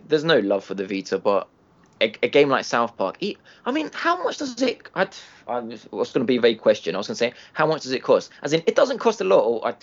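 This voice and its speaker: A man with a mid-range voice that swings up and down a lot, tripping over his words as he chats about games. The sound is dull and lo-fi. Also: medium pitch. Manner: animated, trips over words. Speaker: podcast co-host. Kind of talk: casual chat. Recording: dull lo-fi podcast audio.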